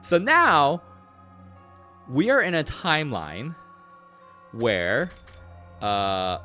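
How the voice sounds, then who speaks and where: A young man streamer recapping a game in a casual, rambling, excitable way, swearing and saying "like" a lot. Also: a little high, drawn-out words, soft background music.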